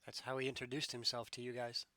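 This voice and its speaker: A man acting as game master, explaining the story in a relaxed way to his players at home. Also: mid-range voice, fast talker, dry recording. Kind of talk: narrating a tabletop game. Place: home room.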